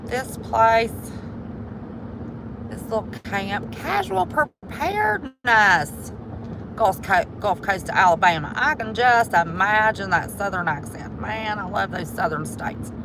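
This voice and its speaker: A woman with a West Virginian accent talks slowly and chattily to her viewers. She holds a phone while driving, and the road noise in the car comes through clearly behind her voice. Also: medium pitch, expressive. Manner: chatty, folksy, addresses viewers as y'all. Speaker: vlogger. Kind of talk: casual livestream commentary. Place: inside a car driving mountain roads. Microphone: handheld phone while driving.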